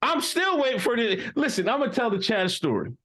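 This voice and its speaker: This is a middle-aged man on a comedic podcast, jabbing at his co-host with mock-courtroom charges. His voice sits high for a man and jumps around constantly, full of playful bounce. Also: fairly quick. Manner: animated, teasing, mock-courtroom accusations.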